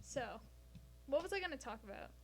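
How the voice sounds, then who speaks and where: A woman's voice: sits high, expressive, fairly quick, noisy background. A woman streaming casually from home, rambling and swearing freely as she jokes with her chat between science explanations. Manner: profane, rambling, jokey. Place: home, sitting on the floor.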